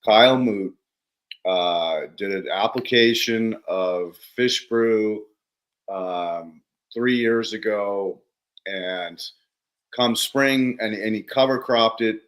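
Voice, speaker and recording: A man hosting a podcast in a casual interview chat, an animated storyteller who acts out the people in his anecdotes. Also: lowish voice, slow, poor audio. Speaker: podcast host.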